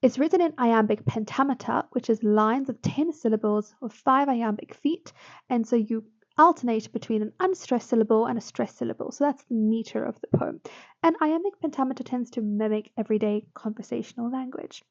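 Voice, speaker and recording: A woman's voice: on the high side, a little fast, darkish tone. Woman tutor explaining a poem, lo-fi. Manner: explanatory, with fillers and self-corrections. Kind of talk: poetry analysis lesson. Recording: dull lo-fi sound.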